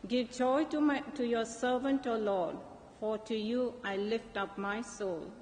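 A woman reading scripture aloud at Mass as lector, slow and careful. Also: a little high, a little mellow. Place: church. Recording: echoey church with faint noise.

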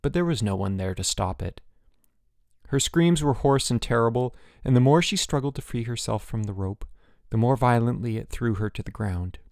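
A man narrating a literary audiobook in a measured, quiet and somber reading. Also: mid-range voice, creaky, dry recording, studio quality.

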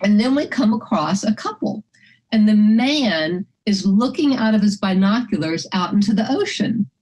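A woman's voice: medium pitch, lively intonation, moderate pace, darkish tone, a little hiss or hum, rough recording. An older woman telling a personal story vividly, acting out the dialogue.

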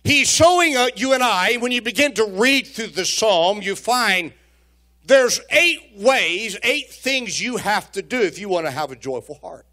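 This pastor's high, bright voice carries a forceful tone as he preaches in a church sanctuary, animated yet a little slow. He repeats his words often, spins folksy stories and jokes with the congregation.

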